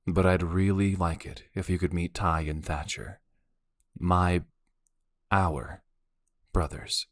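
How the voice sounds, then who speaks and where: A male narrator plays a frazzled older brother in a romance audiobook, blunt and weary, sighing between his words. The voice sits very low, and the sound is close and dry. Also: fairly even intonation, slow pace, no room sound. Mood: earnest. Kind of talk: audiobook character voice.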